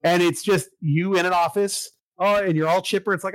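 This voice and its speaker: An excitable man in casual chat, walking through a video game story with plenty of filler words and the odd curse. His voice sits a bit high for a man and sounds close and dry, with no room around it. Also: brisk, no echo, low-quality recording. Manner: excitable, swears, lots of fillers. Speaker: podcast co-host recapping a video game.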